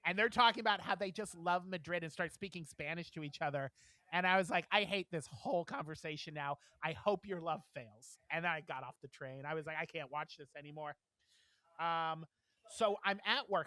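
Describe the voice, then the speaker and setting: A man telling a story on a podcast, with a bright, forceful voice and dry close-mic sound. He acts out the people in his story and laughs through the telling. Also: on the high side, fairly quick, no room sound. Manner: animated storyteller, acts out quotes, laughs often. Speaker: podcast co-host. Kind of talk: casual chat, storytelling.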